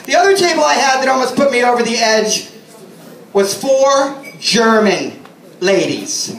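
Doing a stand-up set on a club stage, a man with an extremely high, fairly bright voice tells sarcastic stories unhurriedly and very animatedly, acting out the customers in them. He's recorded from a distance in a roomy space.

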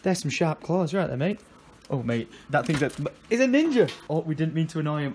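Excitable young man. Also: a little high. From England. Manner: excitable, laughing, quick exclamations. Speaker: vlogger. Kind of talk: casual vlog chat. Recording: faint background noise.

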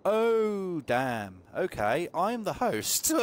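A man streaming a racing game live, chatting loosely and excitably to viewers and swearing often as he plays. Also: medium pitch. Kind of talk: casual live-stream commentary while playing. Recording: racing game noise loud behind the voice. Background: game engine and car sounds.

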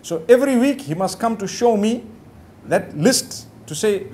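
A man's voice: high-pitched, animated, normal speed, darkish tone, a little hiss or hum. A middle-aged man giving a sermon-style lecture, talking casually with many "you know" asides. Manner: acts out the quoted lines of others. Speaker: Islamic preacher. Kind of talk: lecture to a live audience.

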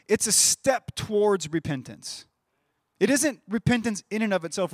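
Animated high-voiced male pastor. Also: no echo, studio quality. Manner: conversational, animated, with playful voiced asides. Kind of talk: sermon. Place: church stage.

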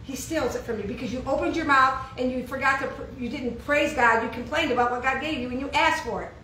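High bright woman preaching in echoey room. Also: fast, slight background noise. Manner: questions and answers with the audience, emphatic. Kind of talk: informal sermon to a congregation. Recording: echoey room, heard from far off.

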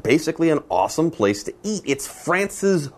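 A man's voice: on the high side, very animated, moderate pace. A man hosting an English lesson, explaining the text in an easygoing, joking way. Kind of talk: casual explanatory chat.

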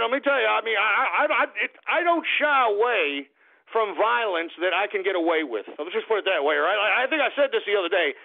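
Swaggering, foul-mouthed male radio host, tipsy, fairly high voice, thin phone-like sound. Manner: brash, profane, swaggering. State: tipsy from beer. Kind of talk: talk radio rant. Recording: tinny phone-like line.

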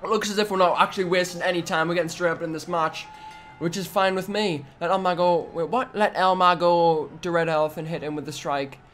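Excitable young man commentating a game. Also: high-pitched, fairly quick. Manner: excitable, trash-talking the opponent, sudden loud outbursts. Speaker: gaming YouTuber. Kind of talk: let's-play commentary.

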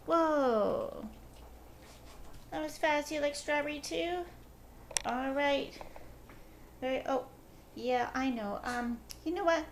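A fairly high-voiced woman talks slowly and casually in her home kitchen, often slipping into a sing-song coaxing voice for her pets. Faint background noise sits under her voice. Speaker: pet vlogger. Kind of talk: casual pet vlog narration.

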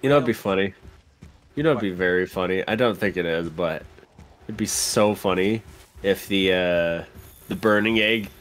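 A man's voice: low-pitched, moderate pace. A man co-hosting a casual game let's-play, rambling and laughing often. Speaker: gameplay co-host.

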